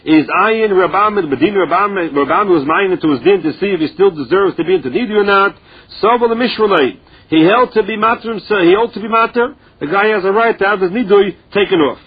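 A man leads a Talmud lesson, chanting each source line slowly and then explaining it plainly. His voice sits high for a man and sounds husky. The recording is dull and lo-fi. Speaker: Talmud teacher. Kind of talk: Talmud lesson, translating Aramaic into English.

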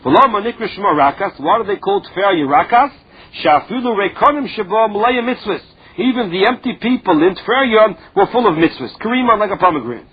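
Guy giving a talmud class, high-ish husky voice, reads a line then explains it, dull lo-fi sound. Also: animated, a little fast. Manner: reads a phrase then explains it in plain words. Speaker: Talmud teacher. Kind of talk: Talmud lesson, reading and translating. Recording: dull lo-fi recording.

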